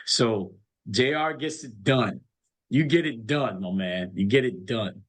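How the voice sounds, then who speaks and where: A man's voice: mid-range voice, measured pace, slightly rough. A man coaching college basketball, chatting casually and telling earnest stories, often repeating his words. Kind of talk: casual chat.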